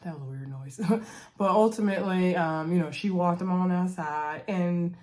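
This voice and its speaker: A woman casually recapping a reality TV episode, chatty and animated, acting out what the cast said and calling out to her viewers. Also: on the low side, moderate pace. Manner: chatty, animated, acts out quotes of cast members; uses "y'all" and "girl".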